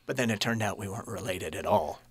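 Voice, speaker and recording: A man in his late thirties telling his personal story as a podcast guest, earnest and halting, often restarting his sentences. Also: fairly low pitch, breathy edge, dry recording, clean studio sound.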